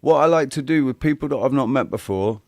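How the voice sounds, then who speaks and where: A man's voice: medium pitch, lively intonation, fast, creaky, a little mellow, no room sound. A man hosting a livestream panel in casual chat, rambling and restarting his sentences and swearing freely.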